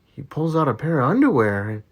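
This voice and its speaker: A man's voice: a little high, sing-song, fairly quick. A man telling jokes, who chuckles at his own punchlines. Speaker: joke teller.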